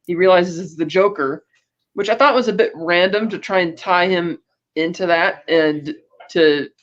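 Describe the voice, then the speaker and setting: A man's voice: high-pitched, moderate pace, dull audio. A man hosting a podcast, recapping a film in casual, rambling chat full of fillers, often putting on voices for the characters. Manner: rambling, many fillers and restarts; acts out character quotes. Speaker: podcast host.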